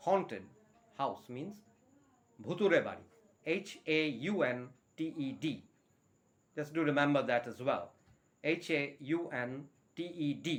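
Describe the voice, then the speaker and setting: A man's voice: fairly high pitch, very animated, normal speed, long pauses. Man teaching spoken English. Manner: spells words letter by letter, repeats key words; switches between English and Bengali.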